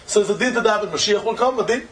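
A man giving an informal religious talk before the holiday, animated and switching between Hebrew and Yiddish terms, building up to emphatic peaks. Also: sits high, very fast, crowd noise, low-quality recording. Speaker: religious speaker.

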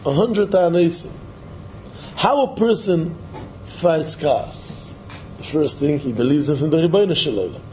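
Male Torah lecturer, lively sing-song preaching, slightly high voice over faint room noise. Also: measured pace, rough recording. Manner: animated, repetitive, sing-song emphasis, mixes Hebrew and Yiddish terms. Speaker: Torah teacher. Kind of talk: Yiddish-inflected Torah lecture.

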